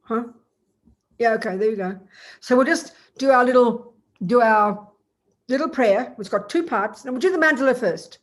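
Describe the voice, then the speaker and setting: A woman teaching Buddhism in a relaxed, chatty way, often asking her listeners rhetorical questions. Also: fairly high pitch, moderate pace. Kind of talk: informal dharma teaching.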